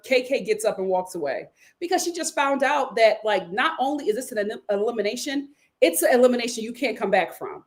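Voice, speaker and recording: A young woman with a high, bright-sounding voice talks through a reality episode live, sassy and emphatic. She slips into the cast members' words as she retells each scene. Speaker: reality show reviewer. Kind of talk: live recap commentary.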